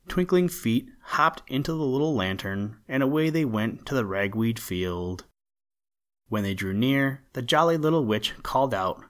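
A man reading a children's storybook aloud as narrator, gentle and measured. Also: medium pitch, expressive.

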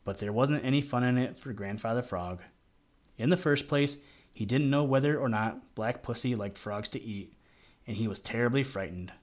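A man narrating a children's audiobook in a measured, gently expressive storytelling manner. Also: mid-range voice.

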